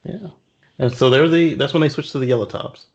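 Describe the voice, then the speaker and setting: A gravelly, husky man co-hosting a casual chat. He rambles through his points, trailing off on fillers, and his sound is dull and muffled. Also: mid-range voice, fairly quick, a little mellow. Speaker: podcast co-host.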